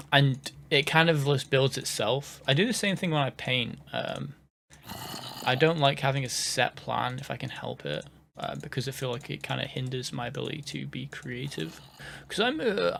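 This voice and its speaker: A man's voice: mid-range voice, vocal fry, a bit bright, slight background noise. A man from the UK rambling through casual gameplay commentary, jokey and self-mocking, sometimes sinking to a whisper. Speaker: gaming host.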